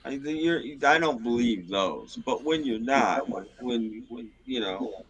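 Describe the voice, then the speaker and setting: A man's voice: mid-range voice, animated, slow, a bit bright, husky. A man in a casual late-night chat, talking skeptically, hedging and trailing off mid-thought.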